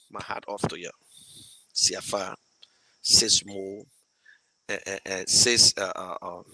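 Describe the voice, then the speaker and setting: A man's voice: medium pitch, bright, forceful tone, poor audio. A man with a Liberian English accent hosting a show and talking casually to viewers, emotional and rambling, with many restarts as he thanks supporters. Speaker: show host fundraising for a campaign. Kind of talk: casual live talk to viewers.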